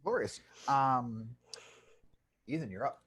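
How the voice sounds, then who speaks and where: A man's voice: medium pitch, expressive, slow, fairly bright tone, husky. A man running a tabletop game as game master, in a playful way that laughs easily.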